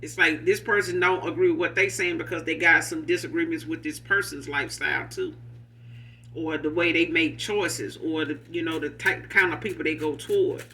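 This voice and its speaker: A man's voice: on the high side, fairly even intonation, moderate pace, bright, forceful tone, slight background noise. A man giving a casual, rambling tarot reading, talking in a loose, profane, street-casual way. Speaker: tarot reader.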